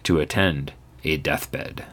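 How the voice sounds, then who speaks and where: A man voicing a pale, doomed male stranger in a Victorian ghost story reading, speaking in a low, hollow murmur close to a whisper. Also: heavily acted. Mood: hushed dread. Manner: quiet, measured, ominous.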